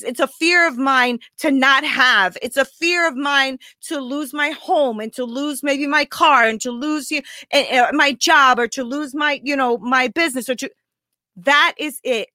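A woman's voice: sits high, pushed and bright, dry recording. A woman life coach talking openly and emotionally to her viewers, close to tears, often asking "right?". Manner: raw, confessional, keeps asking "right?". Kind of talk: emotional live talk to viewers.

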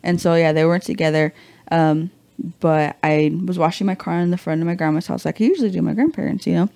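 A woman's voice: on the low side, fast talker, creaky, no room sound. A young woman, a podcast guest, telling a story in casual chat, acting out quotes with swearing and slang. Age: young adult. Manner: animated, acts out quotes, swears freely, slangy.

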